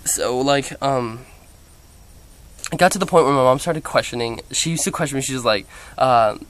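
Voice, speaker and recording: Young man, casual vlog storyteller, chatty and animated, heavy filler words. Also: medium pitch, moderate pace. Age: young adult. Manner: quotes others in playful voices. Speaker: vlogger.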